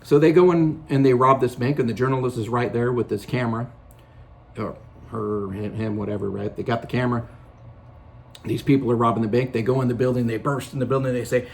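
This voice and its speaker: A man's voice: medium pitch, steady tone, a little fast, gravelly, a little hiss or hum. A middle-aged man giving a sarcastic opinion monologue, telling stories with mock quotes. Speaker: commentator.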